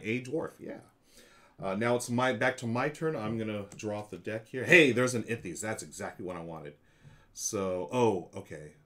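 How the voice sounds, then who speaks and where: A man hosting a live stream, casually walking his chat through a board game's rules and moves, with many fillers. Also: lowish voice. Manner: chatty, explains moves aloud to chat with frequent fillers.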